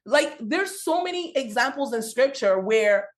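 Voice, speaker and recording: A young woman with a non-native English accent, talking passionately on a faith-based podcast in a quick, preachy storytelling way. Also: sits high, expressive. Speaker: podcast host, Christian business speaker.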